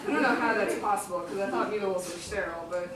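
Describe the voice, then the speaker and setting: A woman's voice: medium pitch, fast talker, recorded from a distance. Chicago woman performing an epic in an echoey hall. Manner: casual asides and laughter between recited lines. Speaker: performer-translator. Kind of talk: live storytelling performance of an epic. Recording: echoey hall recorded from afar.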